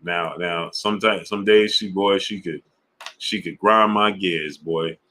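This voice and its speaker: A man hosting a sports live stream, chatting casually in slang and shouting out viewers by name. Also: deep voice, fairly even intonation, unhurried. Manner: laid-back, slang-heavy, shouting out viewers. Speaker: sports channel host. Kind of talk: casual live-stream chat reading super chats.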